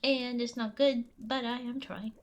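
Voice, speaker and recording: High-voiced woman livestreamer; anxious, laughs a lot, pleads and repeats words. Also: steady tone, a little slow. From US Midwest. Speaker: streamer reading folktales. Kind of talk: casual live-stream chat.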